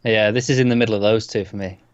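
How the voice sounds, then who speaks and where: A man co-hosting a casual movie discussion, relaxed and agreeable with dry quips. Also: lowish voice, quick pace, smooth, dry recording. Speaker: podcast co-host. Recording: slightly dull, dry sound.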